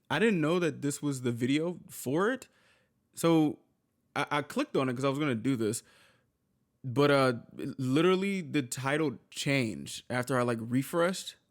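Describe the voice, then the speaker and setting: A man hosting a reaction video, talking in a loose, rambling way with quick, blunt reactions. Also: mid-range voice, lively intonation. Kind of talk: casual chat.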